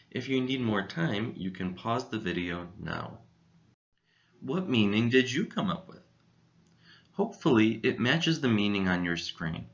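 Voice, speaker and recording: Deep-voiced man teaching a vocabulary lesson. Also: lo-fi sound. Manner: clear, deliberate, enunciates syllables. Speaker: English teacher.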